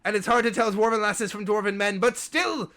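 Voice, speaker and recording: A man voicing a gruff, bearded female dwarf barkeep who bluntly accuses a patron. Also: sits high, fairly quick, noisy background, close to an everyday voice. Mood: accusing. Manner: brusque, accusing.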